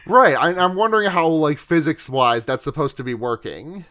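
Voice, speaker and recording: Sharp-toned and fairly high, this man co-hosts a podcast at a moderate pace, going over a film in a loose conversation. He drifts off on tangents, curses, and keeps laughing.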